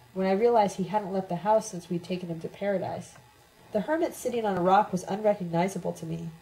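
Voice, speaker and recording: A woman reading a first-person letter aloud in a steady, measured way, as an audiobook reader. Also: medium pitch, low-quality recording.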